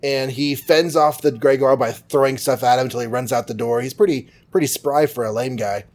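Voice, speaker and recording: A man's voice: medium pitch, brisk, a little mellow. Chatty man recapping comics. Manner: chatty, jokey, full of fillers. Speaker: podcast host. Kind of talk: casual comic book recap.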